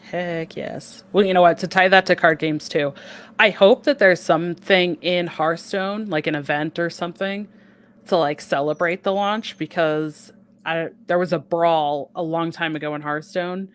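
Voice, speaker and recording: A woman's voice: lowish voice, steady tone, moderate pace, smooth. A woman hosting a podcast, upbeat and gushing in casual chat, often laughing. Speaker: podcast host.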